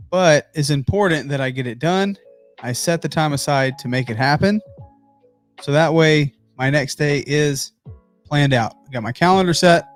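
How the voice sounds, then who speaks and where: A man hosting a motivational business talk from his home office, speaking emphatically and addressing viewers directly. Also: mid-range voice. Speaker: host.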